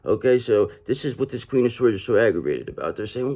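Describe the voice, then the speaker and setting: A man's voice: medium pitch, animated, fast, hardly any pauses, warm tone. Man giving a blunt tarot reading. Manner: keeps calling the listener "brother" and repeats himself; acts out other people in mocking quoted voices. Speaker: tarot reader. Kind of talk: casual tarot reading monologue.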